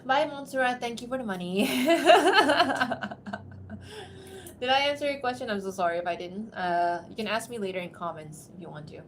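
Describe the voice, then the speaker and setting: A woman's voice: on the high side, lively intonation, normal speed, a little hiss or hum. A woman voice actor chatting casually on a livestream between takes; she laughs often and is self-deprecating. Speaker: streamer and voice actor.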